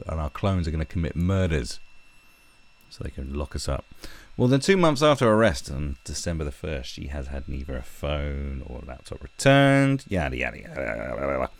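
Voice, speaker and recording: A man hosting a livestream, reading and mocking a news story with sarcastic, profane asides. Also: extremely low pitch. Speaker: livestream host. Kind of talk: ranting commentary on a news story.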